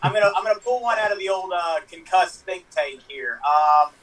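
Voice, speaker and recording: A man's voice: high-pitched, lively intonation, brisk, fairly bright tone. A man on a video call chatting casually as a contestant, easygoing and rambling. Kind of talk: casual chat. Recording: distant from the mic.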